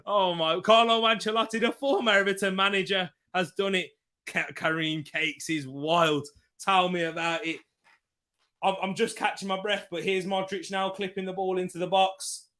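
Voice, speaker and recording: A man calling a football match live from home for his viewers, bursting with excitement and chatting back to them between the action. His voice sits high for a man and is piercingly bright. The delivery is energetic and reactive, with plenty of exclamations. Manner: excitable, reacts loudly and reads out viewer comments. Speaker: football watchalong host. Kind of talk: live football commentary and chat. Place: room at home.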